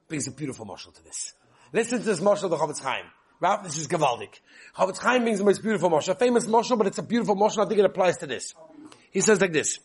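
Animated man teaching a Torah lesson. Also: on the high side, husky. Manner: animated storytelling, addressing listeners directly.

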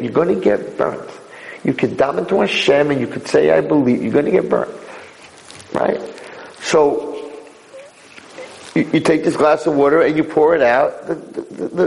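Male rabbi, Torah lecture, animated with sudden high leaps, gravelly tone, roomy hall sound. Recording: echoey hall.

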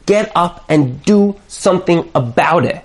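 A man teaching a lively Torah class, repeating his points for emphasis and sprinkling in Hebrew and Yiddish words. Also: on the high side, unhurried. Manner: lively, acts out quoted voices, emphatic repetition. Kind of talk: animated Torah class lecture.

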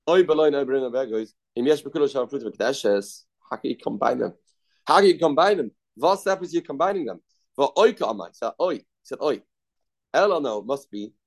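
A man teaches a Talmud class at a middle pitch. He circles back over each phrase, repeating words as he reasons his way through the passage aloud. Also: darkish tone. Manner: repetitive, thinking aloud, mixing Aramaic terms into English. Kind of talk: Talmud study lesson.

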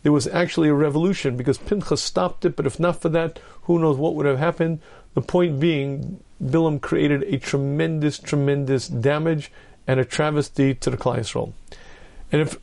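A man giving a storytelling sermon as a rabbi, narrating vividly and clearing his throat often. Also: mid-range voice, dark tone.

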